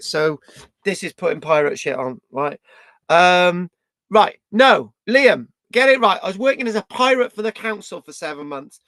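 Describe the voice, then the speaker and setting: A man's voice: high-pitched, a bit bright, no room sound. A British man vlogging in a rambling, scattered way, swearing and tagging his lines with "right?". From Britain. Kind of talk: rambling casual vlog.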